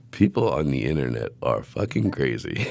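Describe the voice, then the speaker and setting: A young man with an extremely deep, gravelly voice, chatting casually on a podcast. He swears freely and breaks into laughter as he tells his stories. The sound is close and dry. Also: no echo. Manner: profane, laughing storyteller. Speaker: podcast host.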